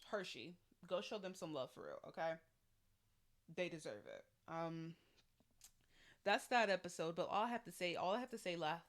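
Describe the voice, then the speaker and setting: A young woman giving an animated, slangy recap of a reality show, acting out the quotes as she goes. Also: on the low side. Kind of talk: casual recap vlog.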